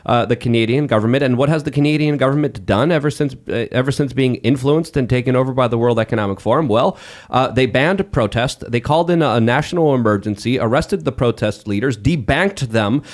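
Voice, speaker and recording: Podcast co-host, man, mid-pitched voice, emphatic listing delivery. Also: fairly quick. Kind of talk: casual chat.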